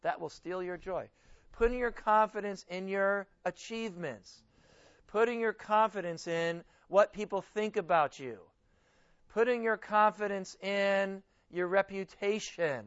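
Male pastor, informal lecture-style sermon, stresses key words, somewhat higher voice, dull lo-fi recording. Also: unhurried, a bit bright, clean tone. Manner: informal, self-correcting, reads scripture aloud with emphasis. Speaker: pastor teaching a Bible study. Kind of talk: conversational sermon.

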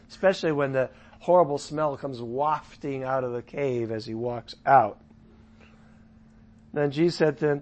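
A man leading a casual Bible study, paraphrasing scripture in his own words with chatty asides and swinging from loud to soft. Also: medium pitch. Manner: lively shifts from loud to soft.

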